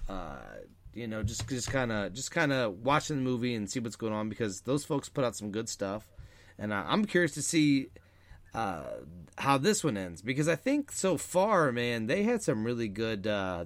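A man co-hosts a podcast in casual conversation, rambling with lots of fillers and restarts. His medium-pitched voice has a sing-song quality at a normal speed, and there's no room sound.

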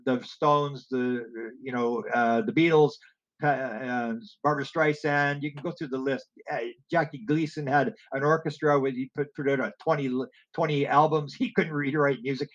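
Male interview guest, digressive storyteller who acts out his quotes, mid pitch, dull recording. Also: steady tone, normal speed. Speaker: guest telling stories about music and alien experiencers. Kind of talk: rambling anecdotal interview talk.

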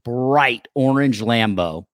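A man's voice: medium pitch, takes it slowly, dry recording, clean studio sound. A man, an actor, telling a story in casual chat and acting out the people he quotes. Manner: animated, acts out quoted dialogue. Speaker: actor guest.

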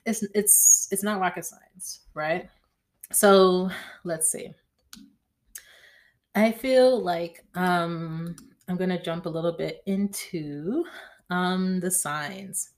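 On her podcast about astrology, a female host keeps things chatty and slangy, frequently ending lines with "right?". She speaks extremely slowly with a lowish voice and pauses often.

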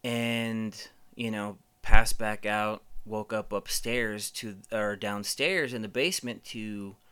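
A man's voice: on the low side, fairly even intonation, slow, pushed and bright, clear, resonant tone. A man hosting a podcast, telling rambling stories casually, swearing a lot and using many fillers. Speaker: podcast host. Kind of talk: casual storytelling.

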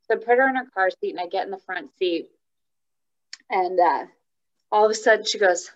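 A woman co-hosting a casual chat, telling a story about her child with lively energy. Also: medium pitch, brisk, long pauses. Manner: animated storyteller. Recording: dull lo-fi sound.

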